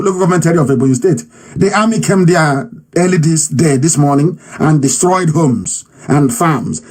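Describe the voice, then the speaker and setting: A husky-voiced Nigerian man delivers an impassioned political broadcast. He pitches high and swings wildly up and down, hammering his points with repetition and outbursts of shouting. The tone stays fiery and defiant throughout. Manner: fiery, defiant, repeats phrases for emphasis, shouts. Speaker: political movement leader giving a live address.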